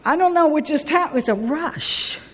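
A woman telling her own recovery story at a meeting, candid and emotional, her voice swinging from high to low. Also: expressive, moderate pace. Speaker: recovery speaker. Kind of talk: personal recovery share at a meeting. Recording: echoey hall with long reverb.

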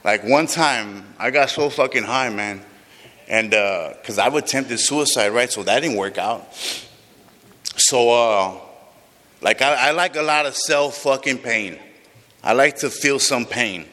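A man's voice: medium pitch, a little slow, sharp tone. A man sharing his recovery story with a group, raw and emotional, swearing often, heard in a large room. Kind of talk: personal recovery testimony to a group. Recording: long reverb of a large hall.

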